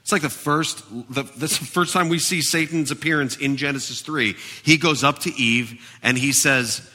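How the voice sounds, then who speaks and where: A man pastor preaching a sermon, animated and emphatic, in a church with a long reverb. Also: a little high, moderate pace.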